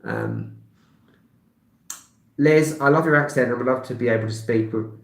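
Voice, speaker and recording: A man's voice: medium pitch, wildly swooping pitch, moderate pace, creaky. A man in his thirties with a London accent, chatting casually on a live stream and answering viewers' comments, rambling with many filler sounds and small laughs. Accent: London English. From England. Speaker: travel vlogger. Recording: roomy echo.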